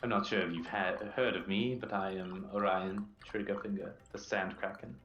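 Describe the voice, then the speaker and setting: Guy doing a showy ex-pirate thief, formal and flowery, lowish voice, echoey dull room. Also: steady tone, fairly bright tone, slight background noise. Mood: smooth, courteous. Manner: formal, flowery speech with many pauses. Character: grandiose male thief and former pirate captain, showy.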